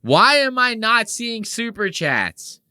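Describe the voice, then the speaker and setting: A man's voice: very high-pitched, big pitch swings, takes it slowly, bright, forceful tone, clear, resonant tone, no echo, studio quality, voice pushed up, full character voice. A man doing an impression of a male streamer, complaining in a whiny, exasperated way.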